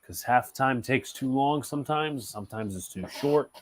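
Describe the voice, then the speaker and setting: A man with a mid-range voice, speaking at normal speed, hosts a casual livestream and calls play-by-play on a football game. Between calls he jokes with friends in a relaxed way.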